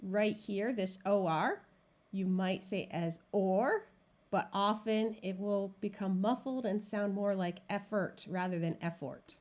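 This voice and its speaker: A woman teaching syllable division to adult learners. She speaks unhurriedly and leaves space between words. Her pitch sits in an ordinary middle range. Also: a little mellow. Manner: slow, deliberate, clear word-by-word modeling. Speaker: reading tutor. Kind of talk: phonics lesson narration.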